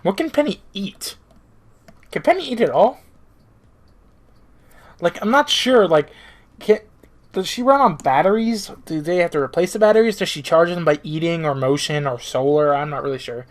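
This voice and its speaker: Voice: mid-range voice, normal speed. A streamer giving casual let's-play commentary, blunt and chatty.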